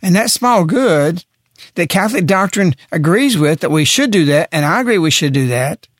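A man's voice: high-pitched, expressive, moderate pace, dry recording, studio quality. A man speaking on a radio talk show in an impassioned, preaching way, pressing his points hard. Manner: forceful, preaching, emphatic.

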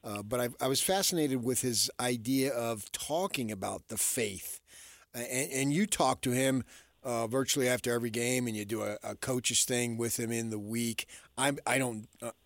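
A man's voice: medium pitch, moderate pace, no echo. A male sports radio co-host who rambles and trails off with fillers, speaking close to a studio mic.

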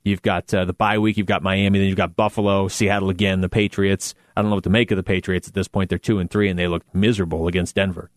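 A man's voice: low-pitched, flat delivery, quick pace, few pauses, no room sound, clean studio sound. A man hosting a sports talk show, chatting casually and animatedly about a football team's playoff chances with self-deprecating asides. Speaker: sports radio host.

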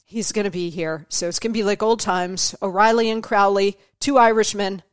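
A woman's voice: medium pitch, steady tone, moderate pace, smooth, no room sound, studio quality. A middle-aged woman hosting her own show, telling stories in a chatty way, laughing often and acting out the voices she quotes. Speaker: podcast host. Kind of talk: casual monologue.

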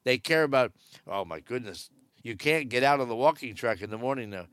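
A man's voice: medium pitch, lively intonation, brisk, fairly bright tone, clean tone, no room sound, clean studio sound. A man giving casual, wry cruise news commentary from aboard a ship, joking sarcastically. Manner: chatty and wry, jokes sarcastically.

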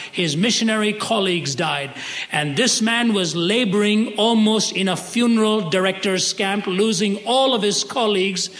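A high-pitched man delivering a sermon as a dramatic story. He acts out the quoted speakers as he goes. His voice rings out in a hall with long reverb. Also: fairly bright tone. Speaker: preacher.

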